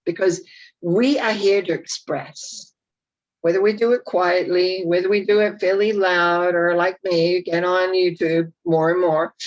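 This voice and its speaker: A woman speaking off the cuff as a spiritual teacher on her own channel, reflective and gently encouraging, wandering from thought to thought. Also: medium pitch, dull audio. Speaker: spiritual teacher and YouTube host. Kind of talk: unscripted spiritual talk to camera.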